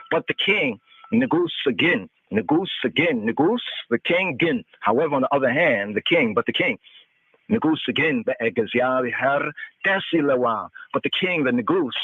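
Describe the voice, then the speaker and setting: A man's voice: mid-range voice, no echo. A man on a radio show teaching scripture verse by verse, reading words aloud and repeating them over and over as he translates them. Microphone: phone line. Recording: dry, tinny phone-line call-in audio.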